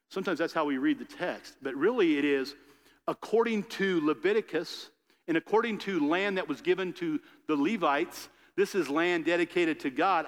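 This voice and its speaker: A man's voice: high-pitched, normal speed. Man preaching in a reverberant hall. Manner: reads scripture then retells it in casual voices. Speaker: pastor. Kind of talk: sermon with scripture reading.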